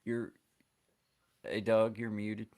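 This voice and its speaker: A man's voice: on the low side, level tone, slow, darkish tone. A man hosting a livestream from a room at home, chatting in a laid-back, friendly way on a computer mic. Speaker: livestream host. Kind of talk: casual chat. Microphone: computer mic on a streaming call.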